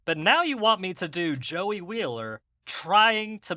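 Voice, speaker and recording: A man's voice: sits high, sing-song, unhurried, sharp tone, no room sound, studio quality. A man co-hosting a podcast in casual chat, laughing and self-deprecating. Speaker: podcast co-host.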